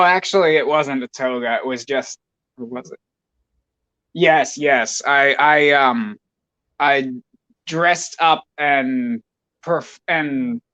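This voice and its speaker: A man's voice: a little high, fairly bright tone, highs cut off. A man chatting casually as a podcast guest, rambling through digressions with wry asides. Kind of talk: casual chat.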